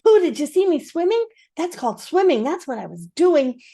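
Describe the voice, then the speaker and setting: An older woman voicing an excited little boy kangaroo who squeaks eagerly. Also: unhurried, exaggerated voice.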